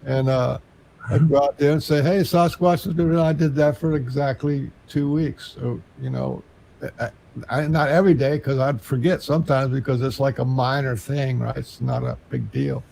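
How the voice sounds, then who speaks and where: Gravelly man telling a rambling story. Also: mid-range voice, steady tone, normal speed, mellow, low-quality recording. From Texas. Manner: meandering, earnest storytelling. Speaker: interview guest. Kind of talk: long spoken story in an interview.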